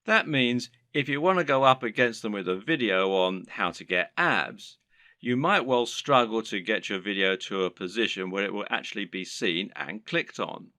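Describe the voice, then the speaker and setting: A man narrating scripted advice on running an online business, in a lively explanatory delivery. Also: lowish voice, normal speed, no echo, studio quality.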